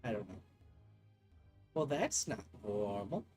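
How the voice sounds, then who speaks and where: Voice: medium pitch, big pitch swings, slow pace, mellow, soft background music. A gamer making casual, self-mocking asides while playing. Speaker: gaming video creator. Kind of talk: casual let's-play commentary.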